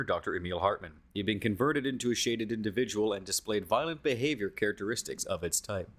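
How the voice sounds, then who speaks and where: A man voicing a formal male newscaster who reads out an official report in a crisp announcer delivery. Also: fairly low pitch.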